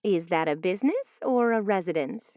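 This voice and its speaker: A woman playing a courteous phone company clerk in a scripted exam dialogue, asking measured questions. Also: medium pitch, animated, a little mellow, no echo, close to an everyday voice. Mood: polite. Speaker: customer service clerk in a listening exam recording. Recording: dry muffled studio recording.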